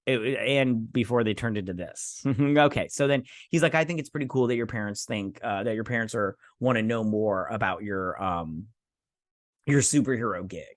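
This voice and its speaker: A man's voice: fairly low pitch, normal speed, no room sound, clean studio sound. A man hosting a casual show recap, sarcastic and rambling, often quoting characters in voices. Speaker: host.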